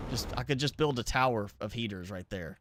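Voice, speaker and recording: A gaming streamer with a mild Southern American accent gives casual live commentary on his gameplay, thinking aloud and using plenty of fillers. His voice is mid-range, and there's background noise.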